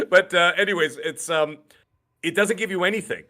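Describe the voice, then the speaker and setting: A man co-hosting a gaming podcast in casual chat, excitable and given to acting out lines from games. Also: high voice, measured pace. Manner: excitable, acts out game characters' lines. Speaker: podcast co-host.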